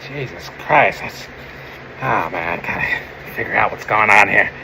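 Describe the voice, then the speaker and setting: A man putting on a cranky, swearing grump who talks to himself in a slow, gravelly drawl. His bright voice swings widely in pitch while he grumbles. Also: a little hiss or hum, full character voice, low-quality recording. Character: grumbling foul-mouthed man sorting his mail. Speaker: sketch character.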